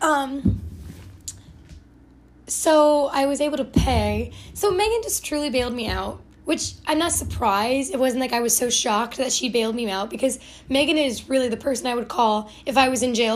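A woman's voice: on the high side, slight background noise. A young woman from Ohio hosting a podcast, telling a rambling, self-deprecating story full of "like" and self-corrections. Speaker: podcast host. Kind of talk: casual storytelling monologue.

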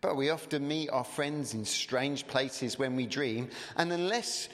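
A man reading aloud and voicing a scheming enchantress queen in a sweet, quiet, half-mocking tone, in a reverberant hall. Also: medium pitch, a little slow, close to an everyday voice. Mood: coaxing. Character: soft-spoken scheming enchantress queen, female, coaxing.

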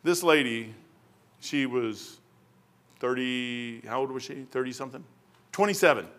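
A man's voice: mid-range voice, measured pace, fairly bright tone. A middle-aged man preaching a casual sermon, folksy and rambling, drifting off into stories before coming back to scripture. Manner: folksy, rambling, wanders off topic into anecdotes.

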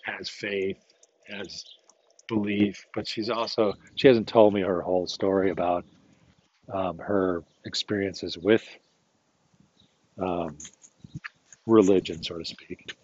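A man's voice: sits low, steady tone, slow pace, long pauses, a little mellow, husky, dull audio. A man in a casual, reflective monologue, thinking aloud and rambling with many restarts.

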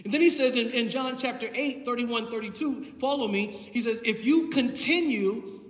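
A man's voice: very high voice, normal speed. A man preaching a sermon as pastor, impassioned and building through repeated phrases, heard in a church sanctuary. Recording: echoey hall from far off.

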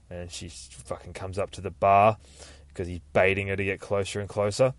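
A man's voice: fairly low pitch, steady tone, normal speed, no room sound. Sweary, rambling man recapping comics. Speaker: podcast host. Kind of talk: casual comic book recap.

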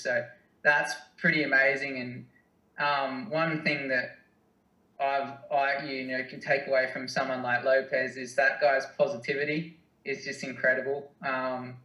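A young Australian man answering interview questions in a hesitant, halting, self-deprecating way. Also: mid-range voice, pushed and bright. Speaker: guest, distance runner. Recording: roomy, mic at a distance.

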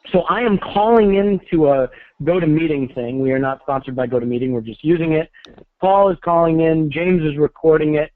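Man, podcast host, wry and self-deprecating, higher voice, tinny phone-line sound. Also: no room sound. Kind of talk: casual podcast chat.

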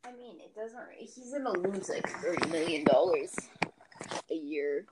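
Woman, low voice, very lively pitch, podcast co-host, skeptical, teasing, casual chat. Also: measured pace, very noisy.

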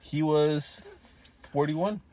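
A man's voice: on the high side, extremely slow, dark tone. A man co-hosting a casual wrestling podcast, recapping matches blow by blow with many fillers. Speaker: podcast co-host.

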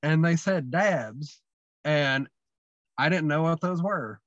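Higher-voiced man, rambling with fillers. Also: measured pace, dry recording. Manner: rambling, many fillers and restarts. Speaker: guest wrestler. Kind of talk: casual storytelling chat. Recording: dull, dry lo-fi sound.

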